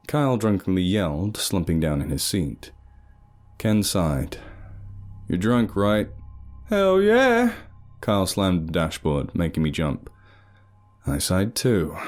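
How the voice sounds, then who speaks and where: A man narrating a story in an animated, sardonic way. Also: fairly low pitch.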